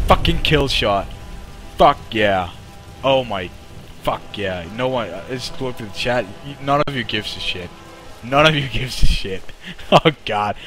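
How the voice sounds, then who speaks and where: A young man streaming a game live, swearing and reacting excitedly while chatting to his viewers. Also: medium pitch. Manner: excitable, swears a lot, talks to chat. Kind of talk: live gameplay commentary.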